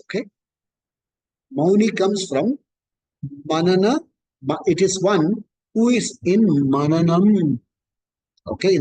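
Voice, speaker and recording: A man's voice: high voice, a little mellow, rough recording. A man gives a scripture discourse as a spiritual teacher, explaining patiently and repeating key points.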